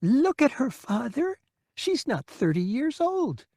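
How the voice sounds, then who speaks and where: A man's voice: extremely high pitch, very animated, takes it slowly, a little mellow, no room sound, pitched above the performer's own voice, full character voice. A man voicing an anxious, apologetic middle-aged woman looking after her confused father.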